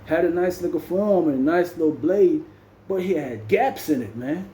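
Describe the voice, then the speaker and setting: A man's voice: fairly high pitch, animated, normal speed, dark tone, roomy sound, a little hiss or hum, rough recording. A man with a Jamaican accent telling a story in casual slang, dropping "man" into nearly every sentence. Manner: slangy, peppers speech with "man". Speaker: storyteller vlogger.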